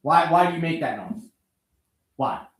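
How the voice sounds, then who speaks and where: Man, angry profane rant, sarcastic, high voice, roomy echo. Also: animated, normal speed, fairly bright tone. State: out of breath. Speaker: vlogger working on a motorbike. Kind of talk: ranting to the camera while wrenching.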